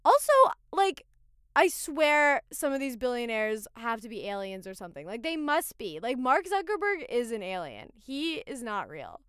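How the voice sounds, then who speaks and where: A young woman chatting casually as a podcast co-host, animated and full of "like", slipping into mock voices. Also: a little high, normal speed, clean tone, dry recording, studio quality. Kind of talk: casual chat.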